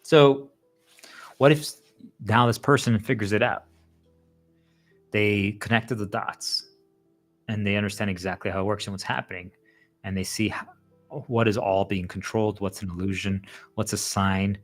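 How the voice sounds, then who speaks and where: Male host, low-pitched, loose rambling monologue full of "like," animated, faint music underneath. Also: moderate pace, long pauses. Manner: rambling, heavy use of "like" fillers; animated, acts out quoted voices. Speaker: channel host. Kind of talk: casual monologue to viewers.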